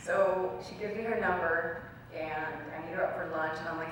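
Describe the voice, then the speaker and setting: Young woman guest speaker, earnest storyteller, lowish voice, distant recording with faint background noise. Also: steady tone, normal speed. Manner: earnest storyteller, acts out quoted dialogue. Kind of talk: personal speech to an audience. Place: college event hall. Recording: very echoey hall recorded from far off.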